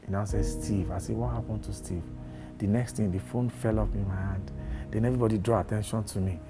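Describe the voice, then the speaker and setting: A man's voice: fairly low pitch, fairly even intonation, brisk, over music. A Nigerian man telling how he learned of a death, acting out the dialogue he had. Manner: plain narrative, acts out quoted dialogue. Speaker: friend interviewed. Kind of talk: storytelling recollection.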